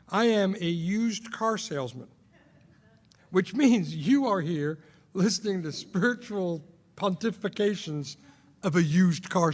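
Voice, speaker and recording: A man's voice: high-pitched, in a large hall. A man sharing his recovery story as a sponsor, asking rhetorical questions, repeating himself for emphasis and poking fun at himself. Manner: rhetorical questions, self-mocking, emphatic repetition. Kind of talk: recovery talk, personal sharing.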